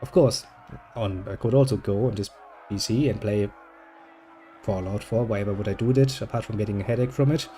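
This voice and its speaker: A man's voice: fairly low pitch, fairly quick, warm tone, faint music behind. A man hosting a gaming video, chatting casually and joking as he plays, swearing freely. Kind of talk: casual gameplay commentary.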